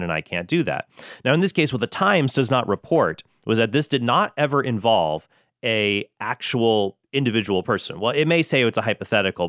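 A man's voice: on the low side, fairly bright tone, no echo, clean studio sound. A man hosting his own commentary show, explaining a news case in an earnest, lecturing way with flashes of sarcasm. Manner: earnest, explanatory, with bursts of sarcasm and mock British impressions. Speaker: Catholic apologetics show host.

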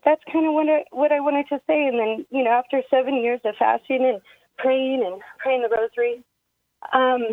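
A woman calls in to a radio show, her high voice coming through a thin, tinny phone line. She speaks haltingly and with emotion, tearful and choking up as she tells her story. The sound is dry and close, with no echo.

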